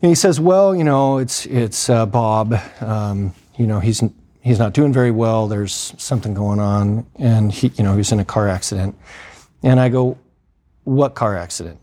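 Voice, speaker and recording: A man recounts a story from his emergency medicine work in a casual, conversational way, acting out what people said and using plenty of fillers. His voice is on the low side and mellow, at normal speed.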